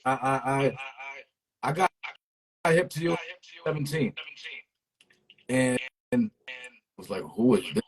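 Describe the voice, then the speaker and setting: A man's voice: medium pitch, takes it slowly, long pauses, rough recording. A man hosting a casual interview, often stammering and repeating words as he asks questions. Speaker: show host, interviewer.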